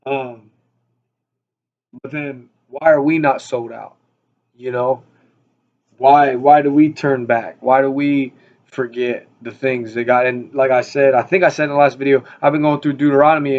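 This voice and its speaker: A man's voice: medium pitch, fairly even intonation, moderate pace, pauses often, darkish tone, lo-fi sound. A man giving a casual, rambling Bible study talk, full of fillers and repeated words. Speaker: Bible teacher.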